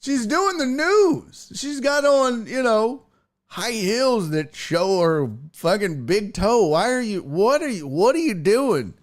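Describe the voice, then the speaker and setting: Man, sports talk host, casual livestream, reads chat, profane banter, slow-paced, animated delivery. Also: sits high. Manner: loose, profane, riffing banter. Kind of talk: casual livestream chat reading viewer comments.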